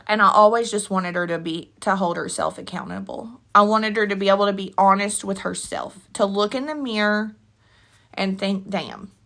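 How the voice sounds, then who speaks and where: A woman's voice: medium pitch, normal speed, a bit bright. A woman vlogging an emotional opinion rant, blunt and rambling with slangy asides, tearful and sniffly from crying. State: tearful, with a runny nose. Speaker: commentary vlogger.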